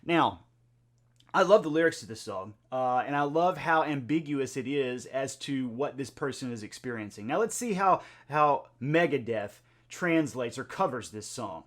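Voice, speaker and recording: A man's voice: medium pitch, lively intonation, moderate pace, fairly bright tone. A man hosting a music reaction video, talking in a chatty, conversational way with lots of filler words. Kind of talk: casual reaction video talk.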